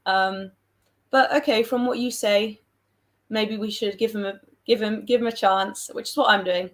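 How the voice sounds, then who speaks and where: A woman's voice: mid-range voice, steady tone, moderate pace. Woman, young adult, southern English accent, casual livestream chat, rambling, self-deprecating. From England. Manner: chatty, rambling, self-deprecating, reads out viewer comments. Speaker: livestream host.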